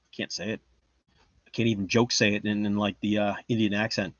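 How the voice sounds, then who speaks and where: A man's voice: lowish voice, little pitch movement, normal speed, a bit bright, no echo, dull audio. Joking, rambling man on a livestream. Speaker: livestream host. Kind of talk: casual livestream chat, reading chat.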